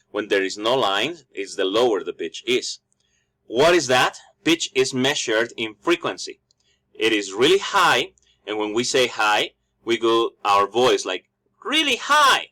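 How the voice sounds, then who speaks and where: A man with a Mexican Spanish accent and a bright, forward voice explains phonetics in an online lesson over slides. His pitch sits mid-range for a man, and he repeats and restarts words as he goes, checking in with "right?" and "okay?". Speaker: English teacher.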